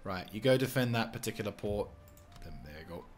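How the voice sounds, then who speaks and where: A man's voice: on the low side, animated, brisk, faint music behind. A man casually commenting on his strategy game as he plays, rambling, swearing and breaking into fits of giggles. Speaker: gameplay commentator. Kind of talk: casual let's-play commentary.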